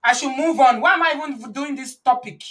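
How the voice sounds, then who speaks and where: Woman, rapid speech, fairly high pitch, forceful interjections, gossip chat host.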